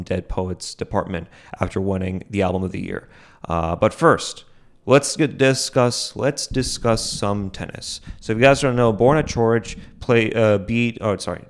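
A young man with a fairly low voice hosts his own solo podcast. He rambles through his thoughts, restarting sentences and leaning on fillers as he goes. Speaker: podcast host.

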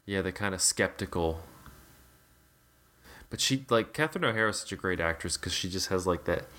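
A man's voice: low voice, expressive, fairly quick, bright, forceful tone. A man in casual podcast chat about a film, rambling with many fillers and restarts.

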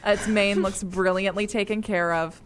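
A woman's voice: mid-range voice, steady tone, moderate pace, slight background noise. Young woman gm rambling thru the scene, lots of likes and ums, playful. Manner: rambling, filler-heavy, playful. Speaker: game master. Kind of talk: narrating a tabletop game.

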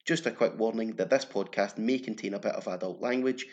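A Scottish man hosting a football podcast, with a low voice and a mellow, dark tone. He keeps a steady, even delivery and reads statements aloud plainly. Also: brisk, lo-fi sound. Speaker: podcast host. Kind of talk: scripted intro and casual football chat.

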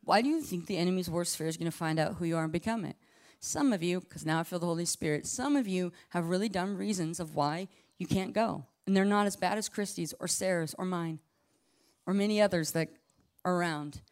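A woman preaching in a loose, conversational way, peppering her talk with "like" and quick asides. She is impassioned, dropping to a hush one moment and rising loud the next. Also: fairly low pitch. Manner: impassioned, swings between hushed and loud; casual, full of "like" and asides. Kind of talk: conversational sermon.

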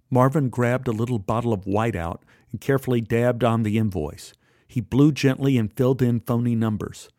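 A man's voice: lowish voice, normal speed, darkish tone, no room sound. A man telling a first-person memoir story in a dry, wry manner.

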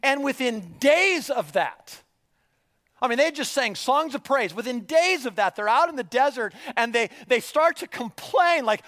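A man preaching a sermon as a story, animated, jumping from loud bursts to hushed near-whispers. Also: very high voice, unhurried. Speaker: pastor.

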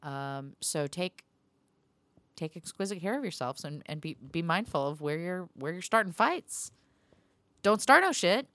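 A woman hosting a solo pep talk podcast, rambling and cursing casually, laughing between thoughts. Her voice sits a little low. The sound is dry and close. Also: normal speed, a bit bright, dry recording. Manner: profane, rambling, laughs often. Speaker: podcast host.

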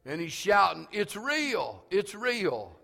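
A man's voice: wildly swooping pitch, takes it slowly, gravelly, soft background music. Man preaching in echoing church. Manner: builds from low storytelling to shouted preaching; calls out to congregation for agreement. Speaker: pastor. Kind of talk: sermon. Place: church sanctuary.

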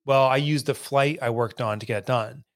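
A man hosting a casual podcast chat, telling lively stories and mimicking accents. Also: medium pitch, normal speed, no echo, studio quality. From Northeast United States. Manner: animated storyteller, mimics accents. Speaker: podcast host.

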